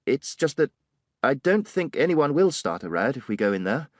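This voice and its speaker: A man's voice: mid-range voice, sing-song, normal speed, no room sound, clean studio sound, pitched above the performer's own voice. A man voicing a young, earnest and nervous police sergeant with a polished English accent, polite and deferential. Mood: hesitant. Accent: English, Home Counties.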